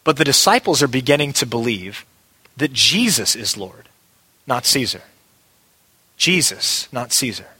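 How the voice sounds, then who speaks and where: A man's voice: medium pitch, sing-song, moderate pace, sharp tone, husky. A male pastor preaching a sermon, emphatic and repeating key phrases for weight. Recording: long hall reverb.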